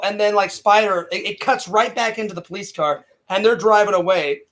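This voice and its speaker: A man co-hosting a casual film review chat, excitable and loud, acting out lines as he retells scenes, on a home mic in a small room. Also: sits high, fairly quick. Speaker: co-host reviewing films.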